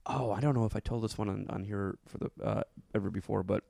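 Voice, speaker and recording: A man's voice: lowish voice, fairly even intonation, quick pace, creaky, warm tone. A man in casual crude comedy chat, joking and telling stories from his childhood. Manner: joking, storytelling, acts out voices. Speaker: podcast co-host.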